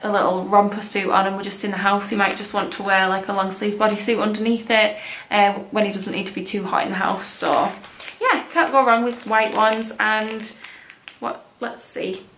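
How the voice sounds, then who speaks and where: A woman's voice: medium pitch, steady tone, moderate pace, a bit bright, roomy sound, a little hiss or hum. A young woman, chatting casually and gushingly as a vlogger about baby clothes she bought. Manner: chatty, gushing, many likes and ums. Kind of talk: casual haul chat.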